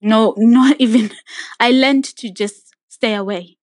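This time the podcast co-host's voice sits a little high and moves at a measured pace as she tells her personal story, earnest and reflective, voicing the lines of others in the casual chat. There's no room sound.

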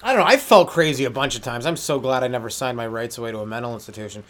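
He talks very fast, his voice medium in pitch and fairly bright. A young stand-up from Canada, he hosts a comedy podcast solo, launching into a rambling rant of crude jokes and laughing along at himself.

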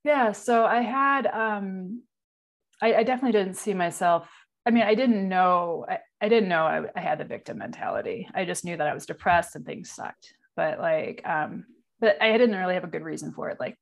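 Guest: forties woman, low gravelly voice, candid, halting delivery. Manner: candid, halting, many fillers. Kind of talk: personal interview.

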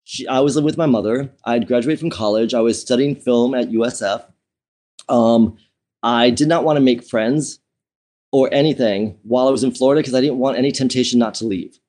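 A man at an ordinary middle pitch tells a personal story to an interviewer. He talks in a chatty, candid way, restarting sentences and padding them with fillers. He laughs easily as he goes. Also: fairly quick, darkish tone. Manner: laughs often while telling. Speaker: interview guest.

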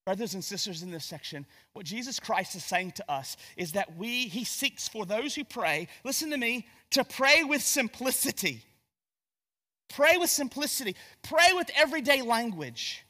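A pastor from Gastonia, North Carolina, with a Southern accent, preaches in a church sanctuary in a conversational, joking way, often restarting his sentences. His voice is very high, animated, and sharp-toned, at a moderate pace, with a long reverb tail.

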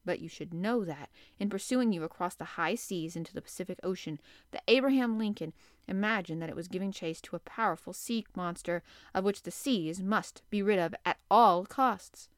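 A woman's voice: fairly low pitch, moderate pace, no room sound, studio quality, close to an everyday voice. A woman voicing a polite, earnest male professor who explains himself formally.

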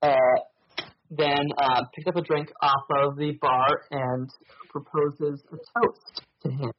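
A man's voice: on the high side, level tone, takes it slowly, muffled recording, slight background noise. A man running a tabletop mystery game as game master, narrating with many ums and uhs.

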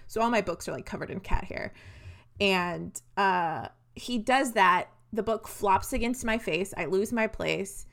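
A young woman co-hosting a book podcast in casual chat, with a voice of ordinary middle pitch. She rants with animated energy about what annoyed her and drops swear words freely. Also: measured pace, gravelly. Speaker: podcast co-host.

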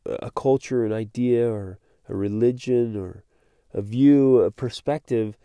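A man's voice: mid-range voice, unhurried, dark tone, clean tone, no echo. A man hosting a motivational podcast, speaking earnestly and animatedly, repeating words as he gets fired up. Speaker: podcast host.

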